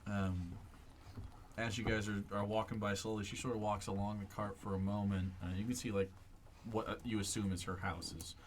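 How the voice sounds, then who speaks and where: A fairly low-voiced man narrating a tabletop game as game master, feeling his way through each scene in halting, unpolished phrases. Faint background noise runs under the recording. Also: level tone. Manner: halting, many fillers and restarts.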